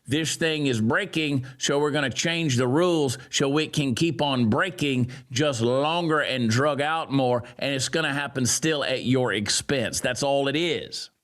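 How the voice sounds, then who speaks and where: A man giving sarcastic, mocking political commentary, swinging from loud jeers down to low grumbles. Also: moderate pace. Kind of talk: ranting commentary.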